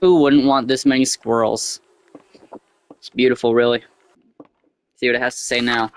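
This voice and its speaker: A man's voice: mid-range voice, normal speed, smooth. A man giving casual gameplay commentary, swearing and yelping when he panics. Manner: excitable, swears, yelps in panic. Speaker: gameplay streamer.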